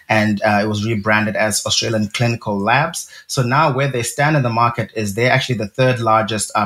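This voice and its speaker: A man's voice: fairly low pitch, a bit bright. A man, a research director, explaining a company in a casual investing chat with frequent ums and uhs.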